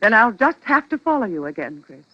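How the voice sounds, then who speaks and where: A woman's voice: fairly high pitch, sing-song, a little fast. An actress playing a clingy, possessive wife in a 1940s radio drama, talking in a sweetly smothering way. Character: clingy devoted wife, adult woman. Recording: lo-fi old radio broadcast.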